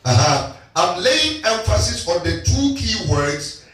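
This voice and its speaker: A man's voice: sits high, very animated, measured pace, a bit bright. A man preaching a sermon, leading a Bible reading by repeating each line the reader gives. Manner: teaching call-and-response, repeating reader's lines. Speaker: pastor. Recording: echoey church hall, distant mic, music behind.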